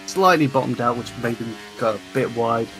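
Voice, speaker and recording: A man giving calm, corner-by-corner commentary on a sim racing lap, explaining braking and racing lines. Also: medium pitch, brisk, music in the background. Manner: relaxed, talks through a lap corner by corner.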